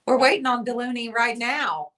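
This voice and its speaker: A woman's voice: a little high, animated, moderate pace, a bit bright. A woman hosting a casual livestream, chatty and teasing as she reads viewer comments aloud. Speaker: livestream host.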